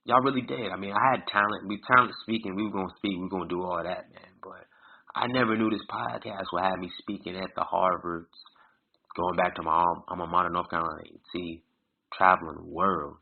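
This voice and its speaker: A man's voice: low-pitched, steady tone, a little fast, vocal fry, a little hiss or hum. A male podcast host giving a heartfelt, preachy motivational intro in a casual, colloquial way, repeating phrases for emphasis. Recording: phone-like narrow band.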